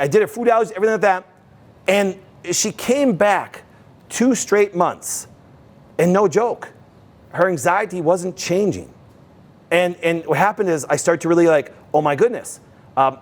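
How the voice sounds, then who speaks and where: A man hosting a health show, speaking in a slightly high voice. He tells a long story in an animated, repetitive way, stopping to talk straight to viewers as guys. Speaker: host, health practitioner.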